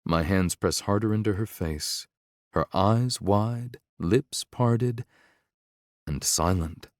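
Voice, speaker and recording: A man's voice: fairly low pitch, takes it slowly, no echo, clean studio sound. A man narrating a romance audiobook in the first person, intense and brooding.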